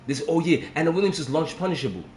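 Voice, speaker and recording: High, lively-pitched man in a profane gaming rant. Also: quick pace, echoey room, slight background noise. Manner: swings between low grumbling and shouted outbursts. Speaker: fighting game content creator.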